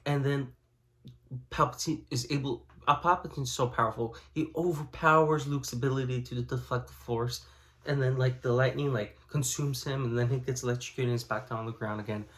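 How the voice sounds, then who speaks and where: A man's voice: medium pitch, steady tone, fairly quick, a bit bright, slight background noise. A man giving a casual spoken book review, rambling and filling his talk with "you know" and "like".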